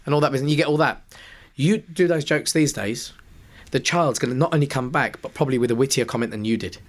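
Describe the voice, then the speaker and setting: A man, a pantomime performer and podcast guest, telling stage anecdotes in a lively way, acting out the dialogue and laughing as he goes. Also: mid-range voice, fast. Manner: animated, acts out dialogue, laughs often. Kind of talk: anecdotal storytelling.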